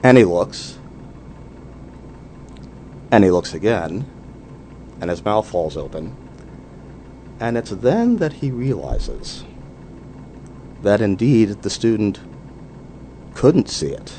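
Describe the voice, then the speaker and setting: A man's voice: lowish voice, sing-song, slow, long pauses, warm tone, a little hiss or hum. A man speaking as a guest in a radio interview, telling anecdotes with lots of "you know" fillers.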